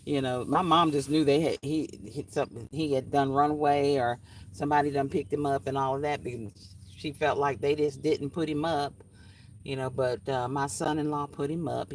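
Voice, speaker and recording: A woman's voice: low-pitched, fairly even intonation, normal speed, recorded from a distance, slight background noise. A middle-aged woman, chatting casually on a livestream, reading out comments, laughing often and sounding hot and sweaty outdoors. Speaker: craft channel host. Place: outdoors in summer heat.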